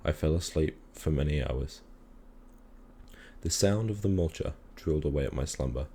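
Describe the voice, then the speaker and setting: A man calmly reading a children's story aloud in a measured storytelling manner. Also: extremely low pitch, slight background noise. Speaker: reader.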